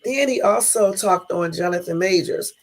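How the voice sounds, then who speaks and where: A woman's voice: mid-range voice, moderate pace, low-quality recording. Woman hosting a reactive live-stream commentary. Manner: animated reactions with exclamations. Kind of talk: live-stream commentary reading quotes aloud.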